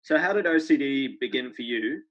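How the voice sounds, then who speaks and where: A man hosting a podcast, gently and tentatively asking his guest to tell his story. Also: mid-range voice, animated, moderate pace, dull audio. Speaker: podcast host. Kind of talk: interview questions.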